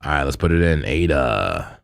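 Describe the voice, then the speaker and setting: A man's voice: a bass voice, sing-song, normal speed, vocal fry, no room sound, studio quality. A man hosting a crypto trading livestream, chatting loosely with viewers in slang, repeating himself and laughing often. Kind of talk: casual live-stream chat with viewers.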